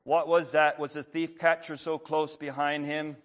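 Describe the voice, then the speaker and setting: Guy preaching, reads a story out then talks it through, clears his throat a lot. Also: fairly high pitch, level tone, a bit bright. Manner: reads a story aloud, then preaches plainly with pauses and fillers. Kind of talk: sermon with story reading.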